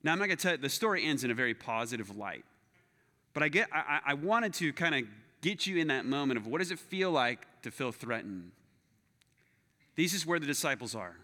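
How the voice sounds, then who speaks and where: A man preaching as a pastor, telling a personal story with self-deprecating humor and acting it out with lively voices. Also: medium pitch, brisk. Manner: animated, acts out his own story with self-deprecating humor. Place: church sanctuary. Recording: long hall reverb.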